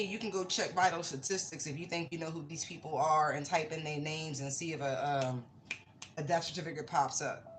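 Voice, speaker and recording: A woman's voice: low-pitched, background noise. A woman giving a casual tarot reading, talking bluntly and swearing freely. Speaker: tarot reader. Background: music.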